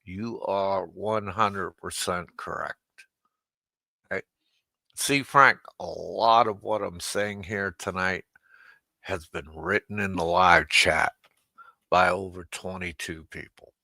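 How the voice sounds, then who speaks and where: Slow gravelly man ranting on a stream. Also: low voice, steady tone, sharp tone, no room sound. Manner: mocking and profane, laughs at his own jabs; talks straight to an absent listener. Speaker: livestream host. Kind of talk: unscripted livestream rant.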